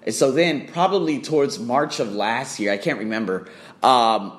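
A man's voice: medium pitch, normal speed. A man ranting bluntly to camera about business, swearing often and firing off rhetorical questions. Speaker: fitness trainer.

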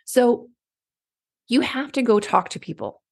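A woman's voice: fairly high pitch, unhurried, creaky, a little mellow. A woman coach giving a casual motivational talk, chatty and conversational, often acting out people's inner voices. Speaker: clarity coach.

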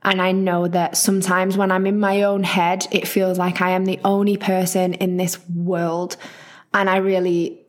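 A woman's voice: on the low side, little pitch movement, normal speed. A woman hosting a solo podcast, talking in a chatty, encouraging, rambling way. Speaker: podcast host.

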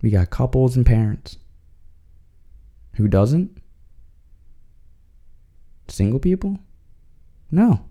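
A man's voice: mid-range voice, sing-song, slow, long pauses, dark tone. A man hosting a podcast, talking in a slangy, joking way and chuckling as he goes. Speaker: podcast host. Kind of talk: casual comedic monologue.

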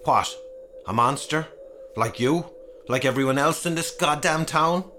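A man's voice: on the high side, measured pace, sharp tone, pitched above the performer's own voice. A man voicing a domineering, obsessed town leader with a commanding, declamatory delivery over background music. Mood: desperate.

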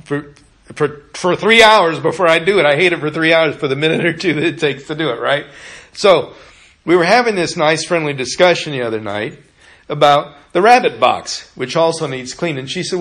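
A middle-aged man preaches in a relaxed, conversational way, weaving personal stories into the sermon. His voice sits a little high for a man, and he often restarts phrases by repeating a word. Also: normal speed. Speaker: pastor.

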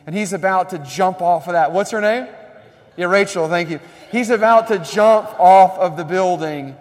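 A man's voice: sits high, moderate pace. Man preaching in an echoing hall. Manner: conversational, animated preaching with rising emphasis. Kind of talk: sermon. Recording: long reverb of a large hall.

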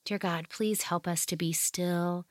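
Calm woman hosting a devotional podcast. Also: on the low side, no room sound, studio quality. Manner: slow, soothing reading and guiding. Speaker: podcast host. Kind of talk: gentle devotional talk for families.

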